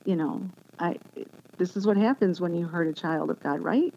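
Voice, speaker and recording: A woman giving an earnest, emotional personal testimony as an interview guest, speaking haltingly with many restarts. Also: lowish voice, gravelly, warm tone. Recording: dull lo-fi sound with faint background noise.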